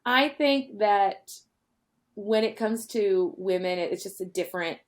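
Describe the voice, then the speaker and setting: A woman comedian talks as a podcast guest. She makes her points earnestly, often halting and restarting her sentences. Her voice sits at a middle pitch. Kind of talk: casual chat.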